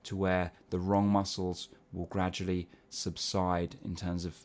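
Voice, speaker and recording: Deep-voiced and darkish in tone, a vocal teacher speaks at a measured pace with a flat delivery. He walks through singing technique patiently, frequently asking "yeah?", and demonstrates with brief sung syllable drills.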